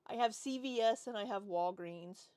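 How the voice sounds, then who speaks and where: A woman's voice: medium pitch, normal speed, darkish tone, dry recording. A woman in her forties chatting casually on a livestream, rambling as she reads and answers chat. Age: 40s. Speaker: livestream host.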